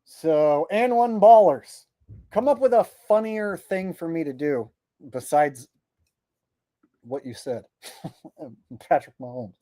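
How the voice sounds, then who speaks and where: A livestream host with a fairly high, mellow, animated voice speaks slowly and pauses often, recorded without room sound. He reads viewers' super chats in mock voices and rants in a blunt, profane, exasperated way as he chats casually.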